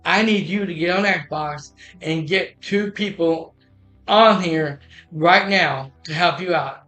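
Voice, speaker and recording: A man's voice: on the high side, slow, sharp tone. A man streaming from home, casually retelling a story with many restarts and quoted dialogue. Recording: echoey room with music behind.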